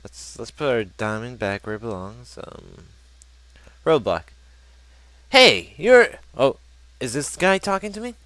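Brief: young male let's-player, lively up-and-down pitch, joking and chatty. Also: unhurried, pauses often, no room sound. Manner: animated, joking, reads game text aloud. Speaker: gameplay commentator. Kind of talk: casual let's play commentary.

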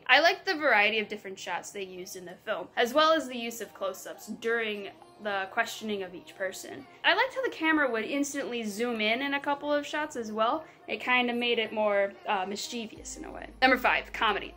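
A woman's voice: a little high, pushed and bright. A woman giving a casual, chatty movie review that she works through point by point. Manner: upbeat, chatty, lists points in order. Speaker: film reviewer.

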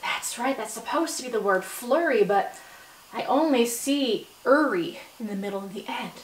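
A woman teaching a phonics lesson to young children, slow and encouraging, stretching out word sounds, with bursts of excited praise. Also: on the high side, distant mic. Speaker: substitute teacher. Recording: echoey room, voice from off-mic.

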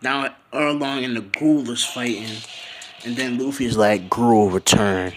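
A man telling a fan-fiction story in a loose, casual way, jumping around as he goes. His voice sits at a middle pitch and turns animated at the exciting parts. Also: unhurried, music in the background. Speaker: channel host.

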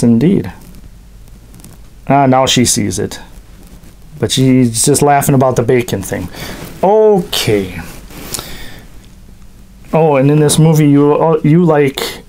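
A man's voice: mid-range voice, a little mellow. A man hosting a horror movie show, chatting casually and joking with a co-host off mic. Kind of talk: casual commentary.

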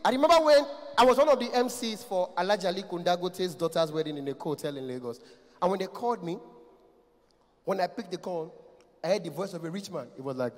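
A man in his thirties with a Nigerian accent doing loud, teasing stand-up crowd work on a big concert stage. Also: sits high, quick pace. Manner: loud, animated, teasing, laughs often. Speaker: stand-up comedian. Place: large concert hall stage. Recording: echoey hall, live stage.

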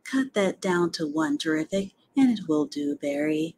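A woman voicing a calm, clever female spider in an audiobook, speaking in a measured, gently bossy way. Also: lowish voice, vocal fry. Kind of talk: audiobook character reading.

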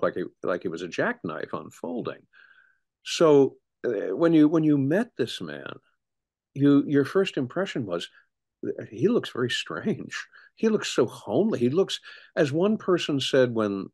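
A middle-aged man, a historian, speaking as an interview guest in an animated storytelling way with frequent restarts. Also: mid-range voice, unhurried. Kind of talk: conversational interview.

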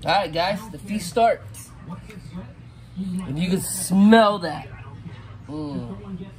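A middle-aged man casually talking viewers through cooking crawfish outdoors, savoring the food with drawn-out mms. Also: high-pitched. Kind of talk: casual cooking vlog talk. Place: outdoors at a campsite.

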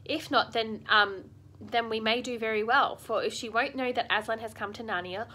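A woman's voice: a little high, steady tone, normal speed, bright, forceful tone, a little hiss or hum. A woman voicing a practical, motherly female beaver in a storybook reading. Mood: urgent. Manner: practical and warning.

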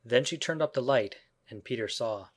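A male audiobook narrator reading a children's classic in a measured, even scripted narration. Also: mid-range voice.

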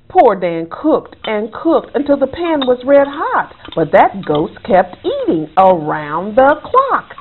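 A woman author reading her own children's book aloud as a bedtime story, with an expressive, rhythmic delivery. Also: medium pitch, slow, few pauses, slightly rough. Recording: tinny phone-like sound, faint music.

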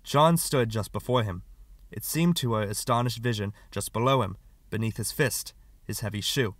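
A man narrating an audiobook in a measured, steady reading. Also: fairly low pitch, dry recording. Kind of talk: scripted narration.

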